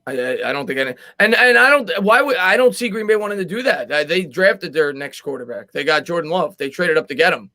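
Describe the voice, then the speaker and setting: Bright, emphatic sports-talk man. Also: fairly high pitch, lively intonation, no room sound. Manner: fast, emphatic, repeats words when arguing. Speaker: sports podcast host. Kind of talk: live sports chat reading viewer comments.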